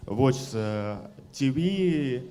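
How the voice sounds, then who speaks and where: A man in the audience speaking hesitantly, with many pauses and fillers. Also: medium pitch, lively intonation, mellow.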